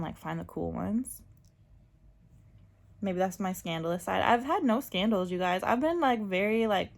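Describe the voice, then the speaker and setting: A woman's voice: on the low side, vocal fry. A woman talking casually and candidly in a personal vlog, full of fillers and asides. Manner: chatty and candid, many fillers, laughs often. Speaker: vlogger.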